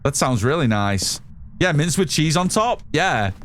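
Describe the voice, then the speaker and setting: The voice belongs to a British man, on the high side and a bit bright, very animated yet unhurried. He streams a game live from the UK, casually chatting and responding to what viewers type, over slight background noise.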